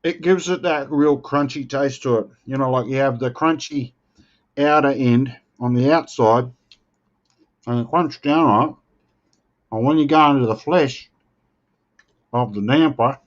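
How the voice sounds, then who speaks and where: A man's voice: mid-range voice, lo-fi sound. An Australian man chatting casually with viewers on a live stream, joking and playfully defending himself. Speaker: livestream host.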